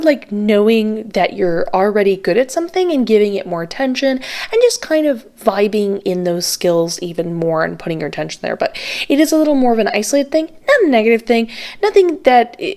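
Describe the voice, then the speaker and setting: Woman, tarot reader vlogging; casual and rambling with frequent fillers, pitch jumps on key words. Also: a little mellow. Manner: chatty, many fillers, pitch jumps up when stressing words. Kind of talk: casual to-camera card reading.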